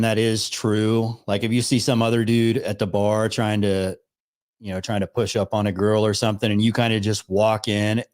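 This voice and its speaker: A man's voice: fairly low pitch, darkish tone. A man casually commenting as he reacts to a video, laid-back and swearing now and then. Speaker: reaction streamer.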